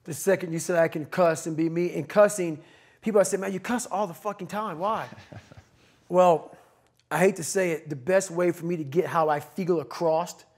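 A middle-aged man on a podcast, giving a blunt, profane, forceful motivational talk. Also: a little high, fairly even intonation, moderate pace. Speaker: podcast guest.

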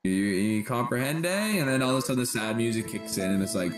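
A man's voice: medium pitch, animated, fast. Hyped guy joking crude on video chat, echoey room, faint music. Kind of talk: casual chat.

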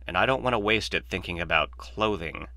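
A man's voice: low-pitched, brisk, bright, forceful tone, dry recording. A man voicing a glib, opinionated male mathematician in a dry, lecturing, sardonic manner, read as an audiobook. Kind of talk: audiobook reading.

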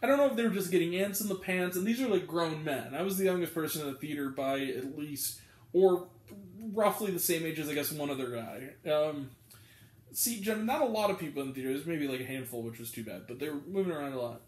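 Young male movie reviewer, high-ish voice, chatty, filler-heavy, echoey room. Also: lively intonation, a little fast. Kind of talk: casual video review. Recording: roomy echo.

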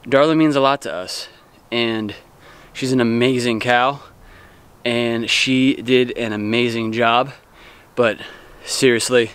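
A man vlogging to camera about his farm, earnest and still worked up with excitement. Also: mid-range voice, slow pace, clear, resonant tone. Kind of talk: casual vlog talk to camera. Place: outdoors on a farm.

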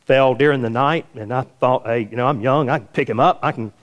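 A man preaching in a church sanctuary tells a story as a pastor, acting out the quoted voices in a higher pitch. His delivery is brisk, and the recording has its highs cut off.

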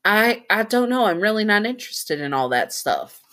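A woman's voice: mid-range voice, sing-song, normal speed, fairly bright tone, voice pushed up. A woman voicing a polite, reserved teenage boy in a role-play story, hesitant and courteous, calling the listener "darling".

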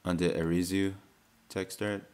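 A man hosting a let's play, reading messages aloud and bursting into loud excited yells. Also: sits low, unhurried. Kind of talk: gameplay commentary.

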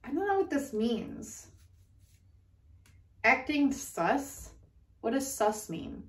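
Giggly, profane woman tarot reader; high voice, slow delivery, echoey room, mic at a distance. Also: sing-song, mellow. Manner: giggly, profane, frequently laughing. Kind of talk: casual channeled tarot reading.

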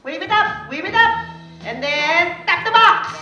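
A woman with a Filipino accent performs magic at a live kids' party, playfully teasing and coaxing the children along. Her very high, animated voice is sharp in tone and measured in pace, with the highs cut off, recorded far from the mic in an echoey hall with music and crowd.

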